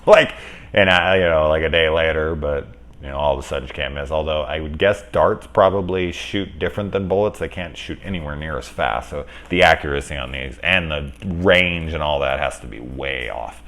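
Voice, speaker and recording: A man talking casually through a movie review, rambling, correcting himself, and getting lively when he retells scenes. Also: a bass voice, normal speed. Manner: rambling, conversational, self-correcting. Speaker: film reviewer.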